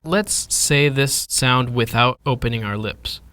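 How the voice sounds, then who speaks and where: A man talking slowly and patiently as he teaches pronunciation. His voice sits at an ordinary pitch. He models each sound with careful, deliberate delivery. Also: bright, forceful tone. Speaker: language teacher. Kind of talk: pronunciation lesson.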